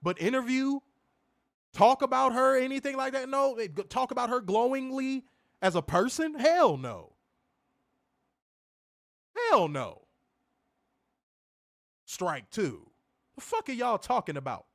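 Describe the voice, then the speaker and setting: Angry high-voiced man ranting. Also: sing-song, slow, creaky, long pauses, a bit bright. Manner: angry, emphatic, profane. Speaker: wrestling show co-host. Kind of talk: heated profane rant on a stream.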